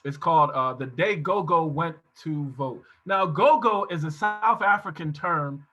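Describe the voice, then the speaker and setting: Middle-aged man, high and bright voice, storytelling presenter, dull lo-fi call audio. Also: a little slow. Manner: storytelling, acts out quoted voices. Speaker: workshop presenter. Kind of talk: casual talk on online workshop.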